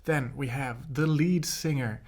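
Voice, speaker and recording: A man's voice: mid-range voice, unhurried, a little mellow. A man hosting a casual music vlog from his home studio, talking in a laid-back, rambling way with plenty of fillers. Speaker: music producer and host.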